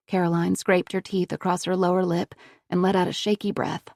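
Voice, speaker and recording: Woman narrating with a gravelly voice. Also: on the low side, level tone, fairly quick, a little mellow, no echo, studio quality. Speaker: audiobook narrator. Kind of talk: scripted narration.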